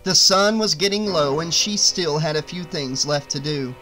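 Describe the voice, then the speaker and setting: A man reading an audiobook aloud in a steady, expressive way. His voice sits a bit high for a man. Quiet music plays faintly beneath him. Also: normal speed, hardly any pauses. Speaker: audiobook narrator. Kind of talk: audiobook narration.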